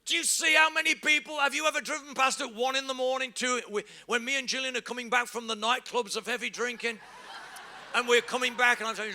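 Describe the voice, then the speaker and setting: Gravelly, bright-voiced pastor preaching. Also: male voice, very high-pitched, brisk. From England. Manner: humorous, acts out everyday scenes, shouts for emphasis. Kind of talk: sermon.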